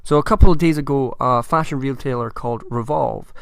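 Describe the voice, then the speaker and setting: A young man with a croaky voice from a chest infection, giving a measured, thoughtful solo commentary. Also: mid-range voice, dry recording. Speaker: commentary vlogger.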